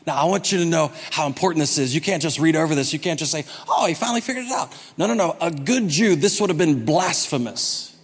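A man preaching a sermon as pastor, humorous, swinging from soft asides to loud, emphatic bursts. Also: a little high, a little fast, hardly any pauses, slightly rough, big-room sound.

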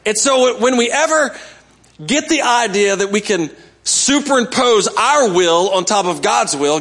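A man's voice: sits high, animated, a little slow, a bit bright. A male pastor giving a sermon in a conversational way, coaxing the congregation to respond.

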